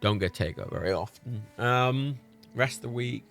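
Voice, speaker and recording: A man's voice: mid-range voice, moderate pace, creaky, a bit bright. A British man chatting on a live game stream, swearing and laughing in disbelief. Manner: sweary, exasperated, laughs often.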